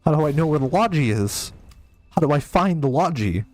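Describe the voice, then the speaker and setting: A man's voice: on the high side, lively intonation, fairly quick, a little mellow, no echo, faint music behind. A man streaming a game live and reading chat, flustered, self-mocking and rambling.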